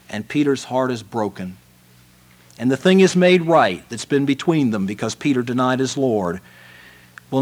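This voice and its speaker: A man preaching a sermon, telling a story dramatically and moving from loud lines to hushed ones. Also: mid-range voice.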